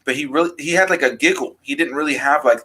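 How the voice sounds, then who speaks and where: Animated man rambling about movies. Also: on the high side, quick pace, poor audio. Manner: rambling, animated, acts out quotes in raised voices. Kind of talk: casual film discussion.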